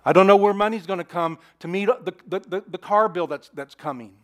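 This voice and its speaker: A man preaching a sermon in an earnest, repetitive style, swinging between emphatic declarations and hushed asides. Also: sits high, brisk. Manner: repeats phrases and restarts mid-sentence. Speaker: pastor.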